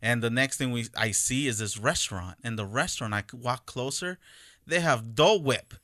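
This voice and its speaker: Casual storyteller, man in his 30s, bright crisp voice, animated, dry close sound. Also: mid-range voice, moderate pace, no room sound. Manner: animated storyteller, acts out quotes. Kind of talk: casual chat.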